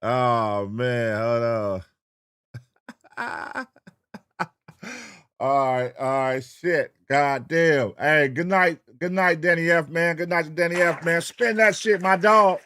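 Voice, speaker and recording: High-voiced man hosting a late-night stream. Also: slow, clear, resonant tone. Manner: loose and profane, shouting out chat names in a sing-song. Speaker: livestream reaction host. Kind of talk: late-night livestream chat. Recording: faint hip hop music behind. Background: faint hip hop music.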